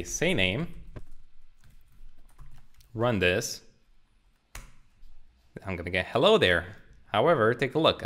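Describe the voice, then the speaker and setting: A man's voice: lowish voice, fairly bright tone. A young man in his twenties giving a casual, joking coding tutorial, talking through his code as he types. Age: 20s. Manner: upbeat, joking, explains while typing. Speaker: programming tutor. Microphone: studio condenser mic.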